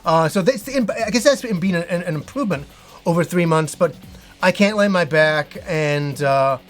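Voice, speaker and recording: High-voiced breathless man. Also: animated, soft background music. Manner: halting, with frequent restarts and fillers. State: short of breath. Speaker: gaming channel host. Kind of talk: casual personal talk to viewers.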